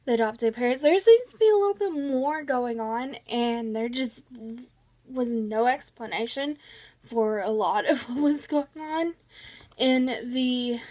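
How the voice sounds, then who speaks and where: A woman with a high voice talks through a book review at an easy, unhurried pace. She is chatty and informal, with lots of "um"s and restarts. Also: a little mellow. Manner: chatty, many fillers and restarts. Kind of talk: casual book review vlog.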